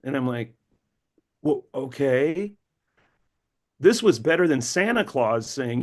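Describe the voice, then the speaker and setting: A man's voice: takes it slowly, pauses often. A middle-aged man, a novelist being interviewed, telling stories animatedly, acting out quotes and often repeating words as he restarts. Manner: animated, acts out quotes with big pitch jumps. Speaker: novelist guest.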